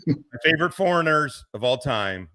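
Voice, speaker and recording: Animated, profane veteran streamer. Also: male voice, on the high side, moderate pace, no room sound. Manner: profane, laughing, swings between mutters and outbursts. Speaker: streamer host, military veteran. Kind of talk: casual reaction commentary.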